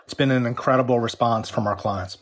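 A man's voice: medium pitch, fairly quick. A man interviewed as a company executive, explaining at length with frequent restarts while losing his voice. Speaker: company executive interviewed about a workplace app. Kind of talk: remote news interview.

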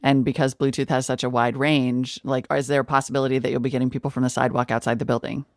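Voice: mid-range voice, flat delivery, quick pace, dry recording, clean studio sound. An interviewer asking pointed, probing questions in a news interview.

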